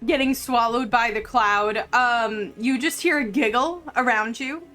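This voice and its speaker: Slow, relaxed woman game master. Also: on the high side. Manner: unhurried, full of ums and likes. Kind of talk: narrating a tabletop game.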